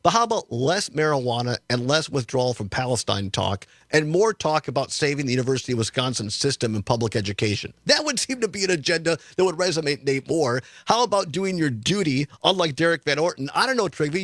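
A man in a radio studio hosting casual political talk, with a fairly high voice and a dry, close sound. He rambles, repeats words and chuckles often. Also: sing-song, fairly quick, few pauses, fairly bright tone, no room sound. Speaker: radio talk show host.

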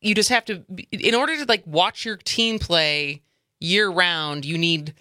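A woman's voice: on the low side, a little slow, sharp tone, no room sound. A woman co-hosting a talk radio show, chatting casually and rambling with frequent laughs. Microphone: studio microphone.

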